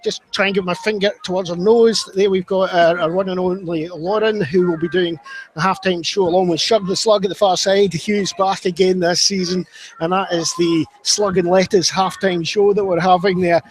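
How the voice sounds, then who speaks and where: A man's voice: high voice, steady tone, normal speed, slight background noise, low-quality recording. A Scottish man presenting a pre-match football show at a stadium, chatty and jokey, sometimes tripping over his words. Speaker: club media presenter.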